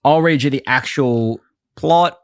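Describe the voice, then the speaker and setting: A man co-hosting a podcast in casual chat, excitable and quick to laugh. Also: mid-range voice, dry recording, clean studio sound. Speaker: podcast co-host.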